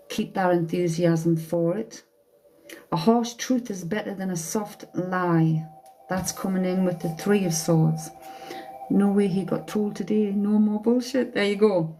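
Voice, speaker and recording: A woman's voice: lowish voice, dark tone, low-quality recording. A woman giving a casual live-stream tarot reading as a psychic medium, chatty and blunt, swearing casually.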